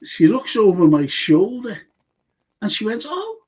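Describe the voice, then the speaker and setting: A man's voice: sits high, animated, measured pace, darkish tone, slightly rough. An older man hosting a casual chat show, rambling through anecdotes with lots of fillers. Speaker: show host.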